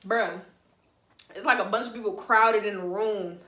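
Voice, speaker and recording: A young woman telling a story on her vlog in a slangy, animated, emphatic way. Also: medium pitch, normal speed. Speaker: vlogger. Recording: roomy echo.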